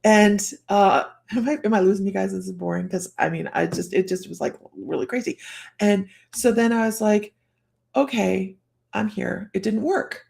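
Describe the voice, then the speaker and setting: The psychic livestream host here speaks briskly in a mid-range, steady voice with vocal fry and a darkish tone. Telling a personal story, she's chatty and rambling, laughs a lot, and restarts or trails off as she goes.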